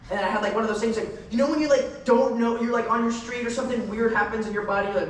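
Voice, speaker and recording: A man's voice: high voice, very fast, few pauses, a little hiss or hum. A young man answering fan questions at a convention panel, rambling and restarting sentences with laughing asides. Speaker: celebrity panel guest. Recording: echoey convention hall from far off.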